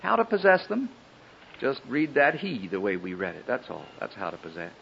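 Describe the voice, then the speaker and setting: A man preaching a sermon in an earnest, pleading way, with a husky voice. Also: medium pitch, huge pitch swings, brisk, fairly bright tone, slight background noise. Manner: earnest, pleading, rising and falling emphasis. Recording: dull lo-fi old sermon recording.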